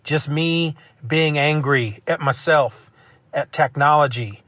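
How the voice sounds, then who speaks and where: A man's voice: a little high, takes it slowly, fairly bright tone, no room sound. A man hosting his own solo podcast, talking into a phone in a loose, rambling way with self-mocking rants. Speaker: podcast host. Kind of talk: casual solo podcast monologue. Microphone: phone used as mic.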